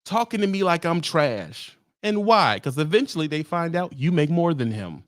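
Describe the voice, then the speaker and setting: A man's voice: on the high side, big pitch swings, normal speed, no room sound, studio quality. A man ranting in a vlog, a truck driver speaking in a profane, heated, sarcastic way. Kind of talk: ranting monologue.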